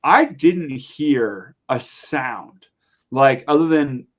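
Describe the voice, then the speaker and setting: Young guy from montana spinning a yarn on a podcast, chatty, middle-pitched voice, lots of "like". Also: extremely slow. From Montana, USA. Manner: animated, chatty, lots of fillers. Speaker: podcast guest. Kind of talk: casual storytelling.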